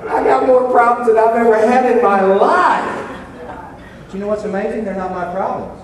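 An older man preaching a sermon, swinging between loud shouted points and quiet, joking asides to his congregation. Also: sits high, lively intonation, fairly quick, a crowd in the background. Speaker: pastor. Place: church sanctuary. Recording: echoey church hall from far off.

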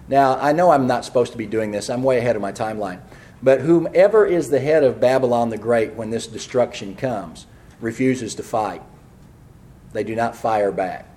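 A man preaching a fervent prophecy sermon, speaking quickly and rising loud when reading scripture. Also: mid-range voice. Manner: fast, apologizes for speaking quickly.

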